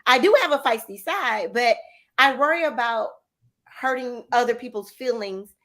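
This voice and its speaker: A woman hosting a talk show, chatting in a lively, expressive way. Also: fairly high pitch, normal speed.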